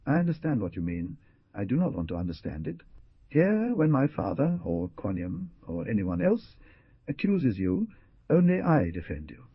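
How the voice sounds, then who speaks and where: Man putting on a young woman, earnest and pleading, husky voice, lively pitch, dull lo-fi recording. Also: normal speed, dry recording, heavily acted. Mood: reproachful. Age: young adult.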